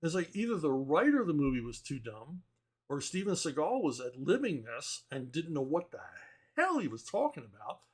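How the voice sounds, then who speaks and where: A man's voice: a little high, very animated, normal speed, a little mellow, breathy edge. A man who writes comic books, chatting casually and answering viewer questions in a rambling, blunt and wry way, chuckling often. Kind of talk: casual opinionated chat.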